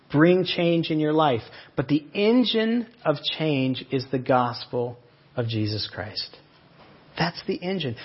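A man's voice: a little high, husky, lo-fi sound. A man preaching a sermon, earnestly explaining and retelling a story. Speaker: pastor.

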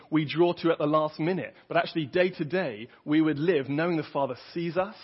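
Brief: male preacher, earnest and conversational, somewhat high, husky voice, dull lo-fi recording. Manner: earnest, conversational, with frequent restarts. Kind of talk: sermon. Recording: dull lo-fi audio.

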